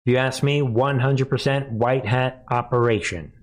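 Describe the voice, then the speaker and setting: A man's voice: mid-range voice, steady tone, normal speed. A man hosting a live news commentary, mocking the clips he plays, laughing often and speaking straight to his viewers. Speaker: commentary host.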